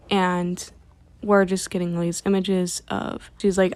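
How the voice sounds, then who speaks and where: A woman's voice: mid-range voice, flat delivery, unhurried, a little mellow, no echo. A woman casually retelling a comic's plot, stringing events together and often restarting her sentences. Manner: frequent restarts and self-corrections. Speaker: webtoon recap creator. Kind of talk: casual story recap.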